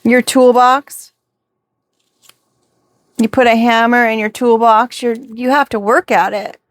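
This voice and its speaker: A woman's voice: fairly high pitch, steady tone, normal speed, dry recording. A woman giving a reflective spiritual reading to camera, posing rhetorical questions. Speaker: tarot reader.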